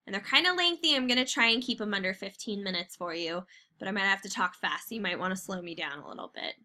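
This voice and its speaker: A woman's voice: medium pitch, expressive, fast, bright, forceful tone. A woman teacher giving a casual recorded class lecture, chatty and full of fillers.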